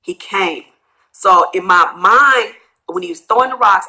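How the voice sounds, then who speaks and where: A woman's voice: medium pitch, normal speed, low-quality recording. Tearful middle-aged woman telling her story. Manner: rambling, repeats herself, quotes others in hushed asides. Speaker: vlogger telling a personal story. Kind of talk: emotional storytime vlog.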